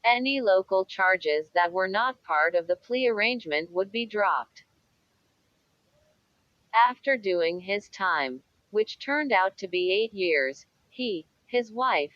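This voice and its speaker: A woman's voice: mid-range voice, expressive, measured pace, dry recording. Woman reading true crime, dry and dull. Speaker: audiobook narrator. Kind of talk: scripted true-crime narration.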